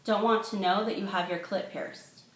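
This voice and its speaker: A woman's voice: medium pitch, steady tone, normal speed, lightly acted. A woman voicing a brash young woman teasing her brothers, in an echoey room.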